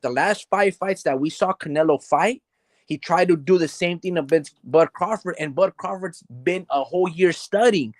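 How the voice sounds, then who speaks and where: A man with a somewhat high voice talks boxing in a loose, animated podcast chat. He keeps dropping "like" and "bro" and slips into acting out what the fighters were thinking. The sound is dry and close to the mic. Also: no echo. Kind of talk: casual boxing analysis chat.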